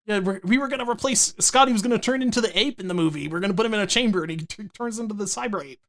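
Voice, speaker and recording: A man's voice: high-pitched, racing, fairly bright tone. A young man co-hosting a podcast, chatting casually in a rambling, profane, jokey way with lots of restarts. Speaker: podcast co-host. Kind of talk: casual chat.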